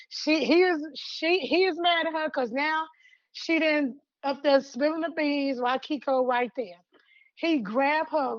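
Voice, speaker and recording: A woman podcast co-host casually retelling a fan story, acting out the characters' lines with lively colloquial talk. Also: high-pitched, dry recording, lo-fi sound. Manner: animated storytelling in colloquial Southern US English, acts out lines.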